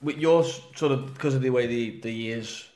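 A male interviewer works through his questions in a stop-start way, rephrasing mid-sentence. His voice sits at a middling pitch. The room has a roomy echo. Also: moderate pace, darkish tone. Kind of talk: conversational interview.

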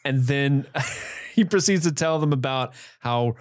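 A man co-hosts a podcast in a casual film review chat, his medium-pitched voice moving a little slowly. He laughs often and acts out movie lines in put-on voices. The recording is dry and studio quality.

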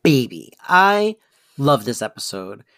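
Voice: mid-range voice, very animated, slow pace, fairly bright tone, dry recording, studio quality. A podcast co-host chatting casually and enthusiastically about a sitcom episode, with joking asides.

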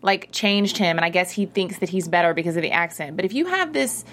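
A woman's voice: on the low side, expressive, fairly quick, a bit bright, a little hiss or hum. A woman in a casual chat about a TV show, wry and analytical.

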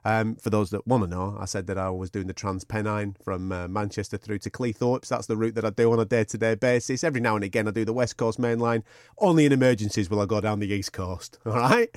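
A man's voice: lowish voice, fast talker, no echo, clean studio sound. A man, co-hosting a podcast and telling a long sweary anecdote in casual chat. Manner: animated anecdote with sweary banter and laughter. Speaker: podcast co-host.

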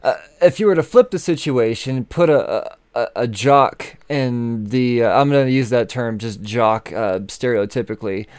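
A man hosting a casual conversation, speaking haltingly with many restarts and fillers. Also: medium pitch, darkish tone, clean tone.

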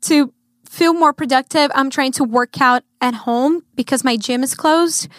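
Upbeat Brazilian woman singer, high voice. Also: measured pace, a bit bright, no room sound. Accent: Brazilian Portuguese. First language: Portuguese. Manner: upbeat, cheerful, laughs often. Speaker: guest singer. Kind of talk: casual interview chat.

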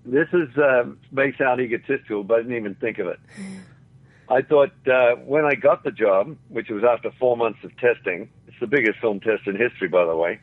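A man's voice: medium pitch, fairly quick. An older man from Australia with an Australian accent, telling rambling anecdotes as an interview guest and acting out quoted voices. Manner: rambling, chuckling, acts out quotes. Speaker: interview guest, former actor. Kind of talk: anecdotal storytelling. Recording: phone-like radio line.

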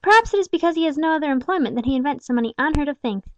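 Timid, anxious woman played by a female narrator for an audiobook; high, quick, pleading voice. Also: expressive, no room sound. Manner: pleading, faltering, soft-hearted. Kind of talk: audiobook character reading.

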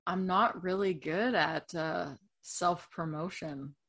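A woman guesting on a podcast in casual chat, speaking in a smooth, measured way. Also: lowish voice, a bit bright.

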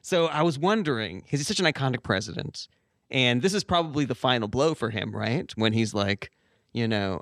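American man hosting a deadpan comedy podcast. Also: mid-range voice, moderate pace, no echo, studio quality. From United States. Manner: deadpan interviewer, joking. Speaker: podcast host.

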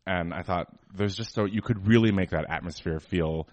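A man's voice: low voice, moderate pace, no room sound. A man co-hosting a podcast, chatting casually and giving opinions, with lots of fillers. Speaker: podcast co-host. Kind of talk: casual chat.

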